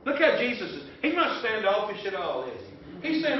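Texan male pastor, folksy sermon with shouted bursts, echoey church from a distance. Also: high voice, wildly swooping pitch, fairly quick, few pauses, a little hiss or hum. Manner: folksy storytelling with sudden shouted outbursts. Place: church sanctuary. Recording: echoey church from far off, dull.

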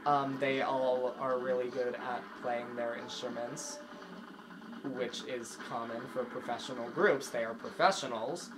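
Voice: medium pitch, steady tone, a little slow, poor audio. A gaming channel host giving casual, rambling let's-play commentary, easily distracted and given to humming tunes aloud. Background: video game music.

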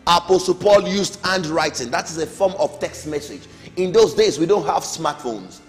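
A man's voice: fairly high pitch, normal speed. A middle-aged man teaching a Sunday school Bible lesson, emphatic, with rising calls and falling amens. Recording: long hall reverb, faint music.

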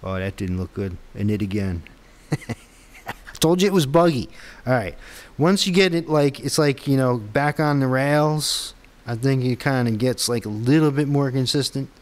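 A man's voice: medium pitch, normal speed. A man testing his own app on camera, muttering to himself and rambling with frustrated, self-deprecating asides. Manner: muttering, frustrated, talks to himself while debugging. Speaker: app developer vlogger. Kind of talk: casual screen-recorded tech vlog.

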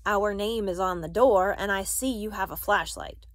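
A woman's voice: medium pitch, normal speed, no echo, natural voice. Woman voicing a firm, wary dad, polite under pressure, dry read. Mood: guarded. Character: steady, guarded father.

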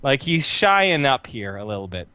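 A man's voice: mid-range voice, very animated, moderate pace, sharp tone, smooth, no room sound. A man narrating as game master for a tabletop role-playing game, laughing often as he describes the scene.

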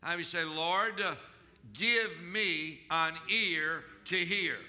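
A male pastor preaching at a church service, his voice pitched high and strikingly bright and cutting. He keeps questioning the congregation and climbs into loud, shouted declarations when he prays. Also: slow. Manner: rises to shouted declarations in prayer. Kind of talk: sermon.

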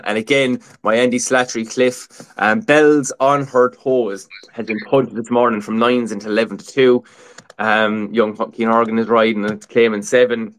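Man, casual racing preview host, filler-heavy chat. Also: medium pitch. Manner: chatty, many fillers like "look" and "um".

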